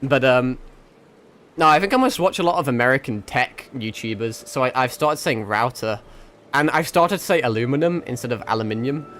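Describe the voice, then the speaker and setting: A man's voice: mid-range voice, fairly bright tone, slight background noise. A young man with a mixed northern English accent, chatting casually to his livestream while gaming, rambling, swearing and laughing often. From England. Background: faint background music.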